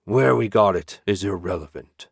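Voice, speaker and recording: A man voicing a cold, commanding male dragon in an audiobook, speaking slowly and with threat. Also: fairly low pitch, lively intonation, creaky, no room sound, clean studio sound. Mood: menacing. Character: commanding, menacing male dragon in human form. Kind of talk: audiobook character voice.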